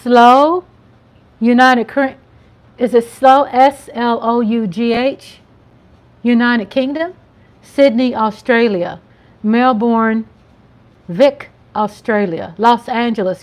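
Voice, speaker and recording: Woman, livestream host, slightly high voice, chatty and playful. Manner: chatty, playful, drawn-out greetings. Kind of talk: casual live-stream chat.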